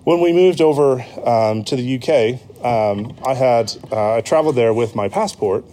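Mellow-voiced American man preaching. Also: mid-range voice, normal speed, slight background noise. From United States. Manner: conversational, with frequent ums and self-corrections. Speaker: pastor. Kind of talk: sermon.

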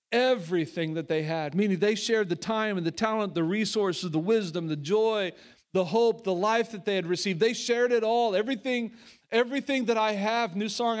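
A man preaching a sermon as the pastor of his church. He talks earnestly, with frequent restarts and repeated words, and he swings between emphatic lines and hushed ones. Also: high-pitched.

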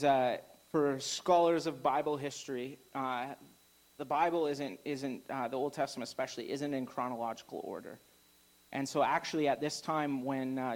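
A man delivering a sermon in a relaxed, conversational way, often pausing on an "uh" and restarting a phrase. His voice sits at an ordinary middle pitch, and he lifts it when he reads scripture aloud. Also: rough recording. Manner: conversational preaching with frequent fillers and restarts. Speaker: pastor.

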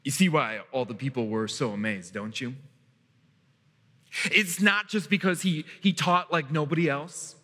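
A man preaching a sermon as pastor, emphatic, with dramatic pauses and repetition. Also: a little high, sharp tone, long reverb tail.

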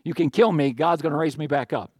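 A middle-aged male pastor delivering a sermon, lively and joking, now and then acting out other people's words. His voice sits a bit high for a man. The sound is close and dry, with no room around it. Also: fast, breathy edge, dry recording. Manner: animated, jokey asides, acts out quoted voices.

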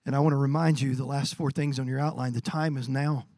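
A man preaching a sermon as pastor, building to drawn-out shouted emphasis. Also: medium pitch, steady tone, dry recording.

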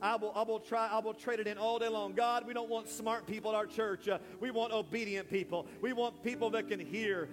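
A man preaching an impassioned sermon in church, building to shouts, and calling people forward. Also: high-pitched, steady tone, fairly quick, few pauses, in a large hall, over music. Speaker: pastor. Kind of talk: sermon with altar call. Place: church sanctuary.

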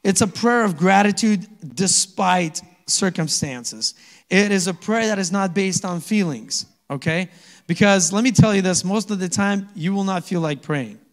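A man preaching a sermon as pastor, conversational and quick to chuckle, often asking the congregation to answer back. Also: high-pitched, long reverb tail. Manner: conversational, asks the congregation to respond; chuckles often between points. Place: church sanctuary.

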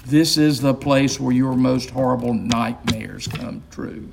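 A man's voice: medium pitch, measured pace, vocal fry, noisy background. A man voicing a wild-eyed, terrified castaway who pleads and warns in a frantic voice. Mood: urgent.

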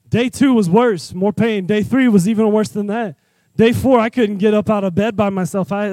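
A man preaching a sermon in an animated, conversational way, candid and personal with his listeners. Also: sits high, no room sound. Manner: animated, conversational, acts out scenes.

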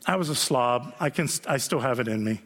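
A man's voice: medium pitch, expressive, brisk, fairly bright tone. A man preaching a sermon as pastor, telling stories in a conversational way and checking in with the congregation with frequent asides. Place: church sanctuary. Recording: long reverb of a large hall.

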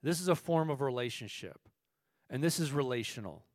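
A male pastor preaching a sermon, moving between quiet teaching and loud, impassioned passages, and asking the audience questions. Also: medium pitch, lively intonation, brisk, dry recording.

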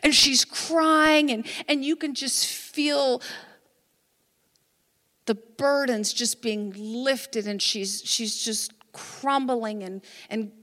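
A woman pastor telling a story in a sermon, dramatic and dropping into hushed whispers. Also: a little high, extremely slow. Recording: echoey hall.

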